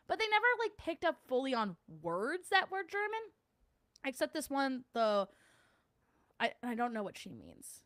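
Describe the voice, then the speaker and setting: A woman's voice: high-pitched, big pitch swings, moderate pace, a bit bright, no room sound, clean studio sound. A young woman from New Jersey with a New Jersey accent, hosting a casual livestream and answering chat, chatty and laughing often. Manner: chatty, laughs often, mimics others mid-story. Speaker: podcast host reading live chat.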